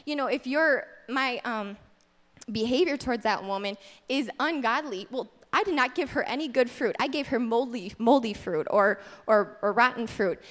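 A woman's voice: fairly high pitch, normal speed, fairly bright tone. Candid woman teaching in a reverberant hall. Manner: candid and self-deprecating. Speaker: church teacher. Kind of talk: casual sermon teaching.

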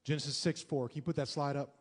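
A man's voice: fairly high pitch, fairly even intonation, quick pace, in a large hall. A male pastor preaching a sermon to a congregation, emphatic and fond of rhetorical questions and repetition.

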